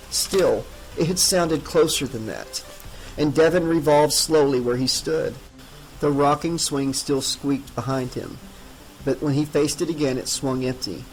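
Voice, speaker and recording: A man narrating a horror novel as an audiobook in a measured, dramatic reading. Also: mid-range voice, poor audio.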